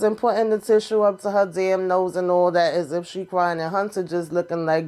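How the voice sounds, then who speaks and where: A woman's voice: on the low side, level tone, a little fast, hardly any pauses, a little mellow, clear, resonant tone. A woman casually recapping a TV episode, blunt and sassy, swearing freely as she retells the scenes.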